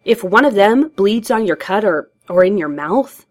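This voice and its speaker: A woman voicing a panicked young male police officer, urgent and shouting under fire. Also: mid-range voice, expressive, normal speed, voice pushed up, natural voice.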